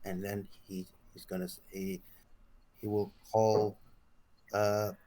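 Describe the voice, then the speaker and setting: A male tabletop player with a slightly low voice who talks quietly and haltingly, stopping and restarting as he lays out what his character does. He sounds set back from the mic. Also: little pitch movement. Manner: quiet, hesitant, trails off. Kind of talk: casual tabletop play.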